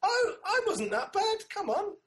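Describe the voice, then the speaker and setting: A man, a comedian, telling a sweary, animated story in casual podcast chat. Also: very high-pitched, unhurried.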